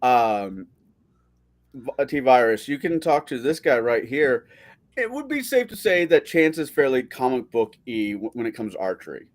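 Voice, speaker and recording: A man chatting on a casual stream as a guest, telling animated stories and swearing freely. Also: medium pitch, moderate pace. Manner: animated storyteller, swears a lot.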